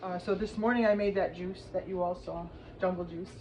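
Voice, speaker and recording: A woman casually chatting through a slow cooker recipe in her home kitchen, rambling with lots of fillers and asides. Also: lowish voice, steady tone, darkish tone, a little hiss or hum, rough recording. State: teary from cutting onions. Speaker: home cooking vlogger. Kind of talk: casual cooking demonstration.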